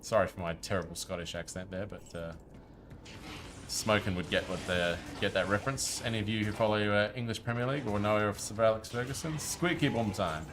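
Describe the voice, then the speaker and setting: Low-voiced chatty male game streamer. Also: steady tone, fairly quick, background noise. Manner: chatty, talks to viewers while playing. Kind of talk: casual live-stream commentary.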